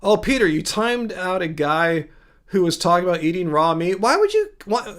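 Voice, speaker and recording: A man's voice: high voice, big pitch swings, moderate pace, a bit bright. A man hosting a casual livestream, chatting, laughing often and answering viewers in the chat. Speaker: livestream host.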